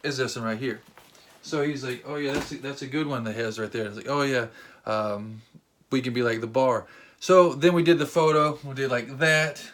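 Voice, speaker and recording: A man vlogging a casual, rambling story, excitable, with lots of fillers and restarts. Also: medium pitch, normal speed. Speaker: vlogger and wrestling fan.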